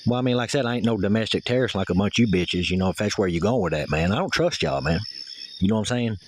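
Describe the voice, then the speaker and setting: A man's voice: on the low side, animated, racing, slight background noise, poor audio. A man from Tennessee, talking on a phone outdoors at night in a rambling, aggrieved way that turns to heavy swearing. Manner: rambling, aggrieved, swears heavily when angry. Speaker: caller. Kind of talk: phone call.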